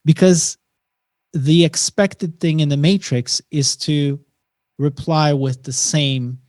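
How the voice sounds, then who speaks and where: Man, podcast guest, lively storyteller, acts out dialogue, dry close sound. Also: fairly high pitch, slow pace, no room sound. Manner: animated storyteller who acts out dialogue and often says "man". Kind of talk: casual conversation.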